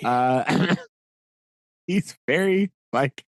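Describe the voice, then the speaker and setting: A man's voice: a little high, drawn-out words, dry recording. A man co-hosting a podcast, casually recapping a book with lots of fillers and frequent laughs. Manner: rambling, laughs often, many "like" fillers. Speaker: podcast co-host.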